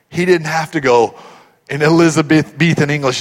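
Middle-aged male pastor, slightly high voice, sermon with hushed asides and rising climaxes, long church-hall reverb. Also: brisk. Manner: swings from hushed, tender asides to loud, rising build-ups.

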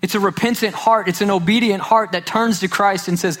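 A man's voice: high-pitched, moderate pace. A male pastor preaching a sermon, emphatic and repeating key phrases for weight.

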